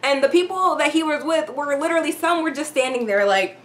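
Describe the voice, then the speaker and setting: A woman with a high, light voice chats through a storytime vlog. She talks loosely and casually, with plenty of swearing and filler words. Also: a little fast, a bit bright. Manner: chatty, profane, filler-heavy storytelling. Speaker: YouTube vlogger.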